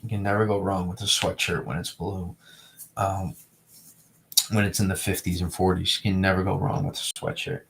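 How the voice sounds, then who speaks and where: A man's voice: low-pitched, steady tone, normal speed, gravelly, a little hiss or hum. A young man from New England chatting casually to his live-stream viewers, rambling and repeating himself as he reads the chat. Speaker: weather streamer.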